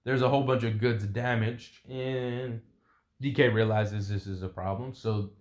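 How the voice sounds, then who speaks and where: A man's voice: mid-range voice, steady tone, a little slow, echoey room. A young man casually improvising a story, rambling and making vocal sound effects.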